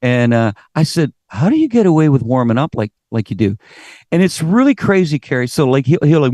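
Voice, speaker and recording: This middle-aged singer from Canada, speaking with a Canadian accent, is a guest in a relaxed interview where he spins lively stories, acts out what people said, and swears offhandedly. His voice runs on the high side at a fairly quick pace, captured in a dry, studio-quality recording.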